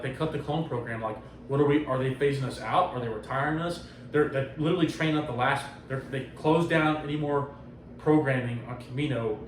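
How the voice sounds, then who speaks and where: Fast-talking man, profane and animated. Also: mid-range voice. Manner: animated, profane retelling with acted-out quotes. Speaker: podcast host. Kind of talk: casual comic book discussion. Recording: roomy sound from a distant mic with faint noise.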